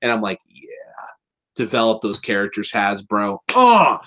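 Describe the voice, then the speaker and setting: A man co-hosting a podcast, excitedly retelling a cartoon episode in casual chat, rambling and swearing and slipping into quick voices for the characters. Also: lowish voice.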